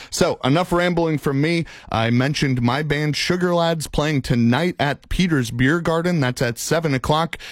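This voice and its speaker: A man's voice: on the high side, dry recording, clean studio sound. A man, filling in as a college radio host and chatting casually in an upbeat, rambling way. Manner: upbeat and rambling, with laughs and restarts. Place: radio studio.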